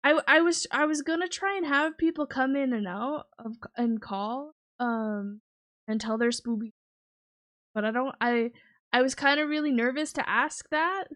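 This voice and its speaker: A woman livestream host chatting casually from her home setup. Her voice sits a touch high, and she rambles through plenty of ums and giggles as she talks to her viewers. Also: normal speed, a bit bright. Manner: rambling, lots of fillers, giggly. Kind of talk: casual chat.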